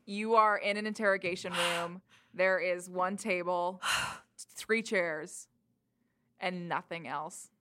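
Calm, low-voiced woman game master. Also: slow pace. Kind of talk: narrating a tabletop game.

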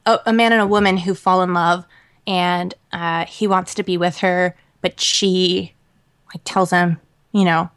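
A woman co-hosting a podcast in casual chat, talking in an animated, rambling way with lots of fillers and laughter. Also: lowish voice, unhurried, clean tone. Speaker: podcast co-host.

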